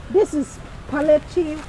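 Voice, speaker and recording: A woman's voice: high-pitched, very slow, noisy background. A woman with a Nigerian accent playing a coy, vain young woman dressed up for London in a comedy skit.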